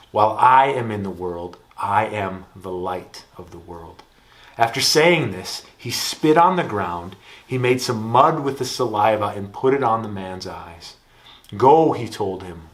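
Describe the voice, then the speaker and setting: A man in his thirties with an Upper Midwest American accent, preaching a campus ministry sermon in a relaxed storytelling way. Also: on the low side. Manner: relaxed storytelling, lively when telling anecdotes.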